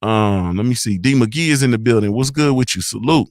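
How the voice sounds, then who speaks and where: A man hosting a casual morning livestream from his home, speaking in a laid-back, slangy way as he shouts out his viewers. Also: mid-range voice, a little fast, no room sound, clean studio sound. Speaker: morning show host.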